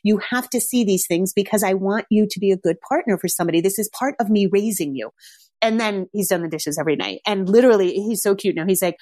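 Fast-talking and dark-toned, a middle-aged parenting coach with a mid-range voice spins casual stories in a chatty monologue full of "like." The studio-quality audio carries no echo.

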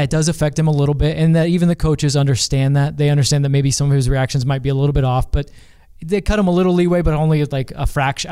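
Man, quick talker, smooth clear voice, emphatic casual sports chat. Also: fairly high pitch, dark tone. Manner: emphatic, often starts with "look". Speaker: co-host and team reporter.

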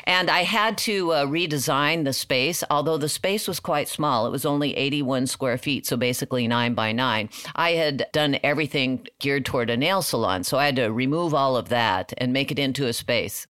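A woman's voice: rumbling low, moderate pace, few pauses, a bit bright, smooth, no room sound, studio quality. A woman in her sixties, a portrait photographer, telling her story candidly in a casual interview and laughing often. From California. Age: 60s.

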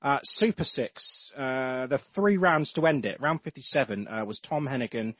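A man's voice: medium pitch, normal speed, a bit bright, no room sound. A man hosting a casual football podcast, reading out listener entries with lots of ums and uhs. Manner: reads out listener entries with many fillers. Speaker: podcast host. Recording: slightly dull lo-fi audio.

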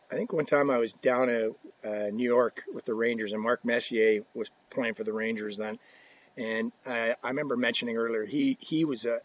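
A man's voice: medium pitch, slight background noise. A man in his fifties, a podcast guest, casually telling anecdotes and laughing as he goes. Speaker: guest, hockey equipment rep. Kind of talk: casual storytelling.

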